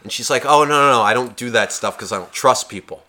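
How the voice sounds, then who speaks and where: A podcast co-host, a young man whose bright, forward voice sits at a middle pitch, talks fast while recounting a story from a bar. Profane throughout, he performs every line of dialogue in the casual chat, switching voices for each person.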